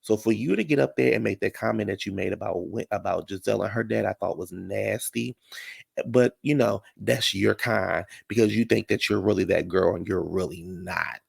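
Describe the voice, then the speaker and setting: A man's voice: fairly low pitch, moderate pace, creaky, breathy edge, no room sound, clean studio sound. A man recapping a reality show in casual, blunt, profane commentary.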